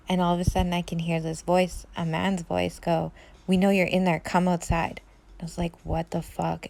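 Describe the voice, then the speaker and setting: Brief: Canadian woman, low voice with fry, hushed and chatty storytelling. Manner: chatty, fills with "like", quiet and hushed. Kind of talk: casual first-person true story.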